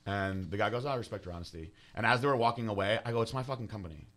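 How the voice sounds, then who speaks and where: Brash young podcast co-host, low but bright voice, fast talker. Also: male voice. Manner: brash, joking, swears freely. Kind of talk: casual chat.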